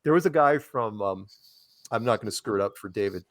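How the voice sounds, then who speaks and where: Animated man telling stories, dry sound. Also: on the low side, fairly quick, no room sound. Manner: animated, acts out quoted people in raised voices; many restarts and asides. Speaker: podcast guest. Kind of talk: casual conversational storytelling.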